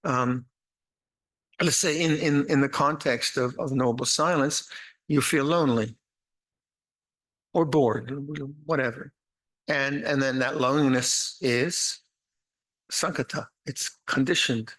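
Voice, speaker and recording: An older man, a monastic teacher, giving an unhurried, reflective dharma talk with meditation instructions, often restarting phrases and adding gentle humor. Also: mid-range voice. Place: retreat meditation hall.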